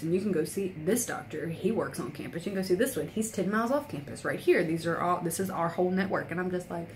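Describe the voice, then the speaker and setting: A woman's voice: fairly low pitch, slight background noise. A young woman talking earnestly and a bit ramblingly in a personal vlog, sprinkling in lots of "like.". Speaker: beauty vlogger.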